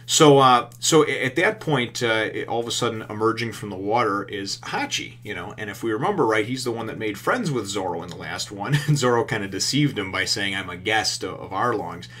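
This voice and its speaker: A man's voice: lowish voice, expressive, fairly quick, hardly any pauses, a bit bright, slight background noise. A man casually recapping a comic chapter in a rambling, profane way, full of fillers. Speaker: manga reviewer.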